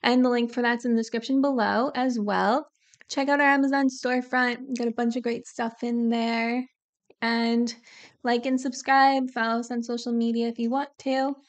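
A woman's voice: a little high, little pitch movement, moderate pace. A woman co-hosting a casual music reaction chat and reading sponsor spots with bubbly enthusiasm. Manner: bubbly, enthusiastic, talks while eating snacks. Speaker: co-host of a music reaction channel.

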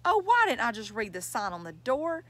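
A woman's voice: on the high side, huge pitch swings, moderate pace, a bit bright, heavily acted. A woman reading the part of a shy, anxious new schoolboy who talks earnestly and tries hard to please. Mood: distraught.

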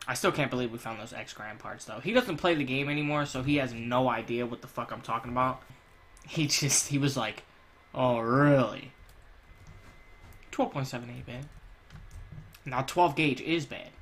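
A young man riffing crudely over his gameplay, swinging between low mutters and sudden loud shouts. His commentary is jokey, profane and full of laughter. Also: moderate pace. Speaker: gaming channel host.

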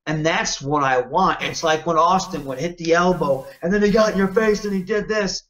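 A man from Michigan talks through a casual interview with a slightly raised pitch. He is animated and self-assured, and he keeps asking "you know what I mean." He comes across as a performer promoting himself. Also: moderate pace, low-quality recording. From Michigan, United States. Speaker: professional wrestler, interview guest.

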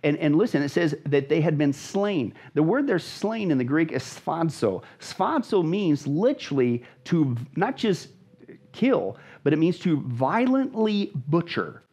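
A man's voice: fairly high pitch, big pitch swings, a little slow, a little mellow, slightly rough. A man, a pastor, teaching emphatically and dramatically about scripture as a guest in a conversation, repeating phrases for stress. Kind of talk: animated Bible teaching in conversation.

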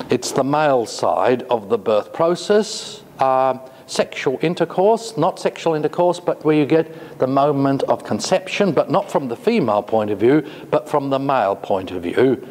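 A man giving a classroom lecture, talking slowly and hesitantly with many fillers and asides. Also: medium pitch, darkish tone. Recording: long reverb, faint noise.

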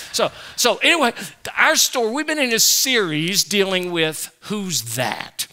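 Pastor guy, middle-aged, high and really bright voice, jokey storytelling sermon. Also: normal speed. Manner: humorous, animated storyteller.

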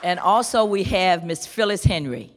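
A woman from a school board giving a measured, emphatic formal speech at a ceremony. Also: fairly low pitch, animated, a little hiss or hum. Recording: reverberant hall.

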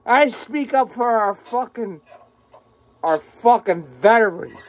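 An agitated vlogger rants to the camera from a room at home, swearing without pause and going over the same points. His voice is extremely high with lively intonation and a slow pace. No room sound can be heard.

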